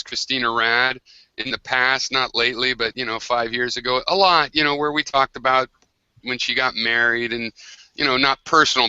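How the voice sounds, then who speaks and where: A man's voice: medium pitch, pushed and bright, clear, resonant tone, dry recording, dull audio. An American man hosting a casual online group discussion, talking in long rambling turns with many restarts. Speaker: host of an online hangout.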